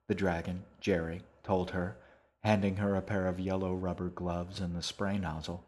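A man narrating an audiobook in an even, unhurried storytelling manner. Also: low-pitched. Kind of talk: scripted narration.

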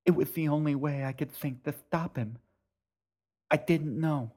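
A man's voice: a little high, a little slow, darkish tone, pitched above the performer's own voice. A man voicing a determined young girl who pleads, her voice breaking. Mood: tearful.

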